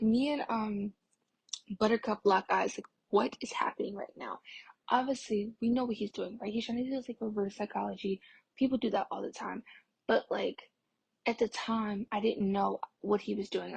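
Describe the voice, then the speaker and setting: Very breathy young woman, rambling storytime. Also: mid-range voice, a little mellow, no echo. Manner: rambling, filler-heavy, lots of "like"; drops into a breathy whisper at times. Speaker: vlogger. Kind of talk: casual storytime.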